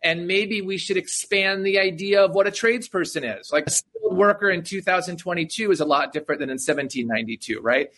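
A man with a high, pushed, bright voice talks fast with few pauses while being interviewed as an author on a podcast. In this conversational interview he explains things enthusiastically, often tacking "right?" onto his points.

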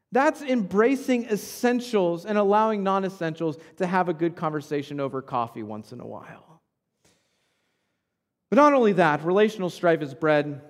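A man in his thirties preaching a sermon as pastor, conversational, often checking in with the congregation by asking "right?". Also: fairly high pitch. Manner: conversational preaching with frequent tag questions. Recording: long hall reverb.

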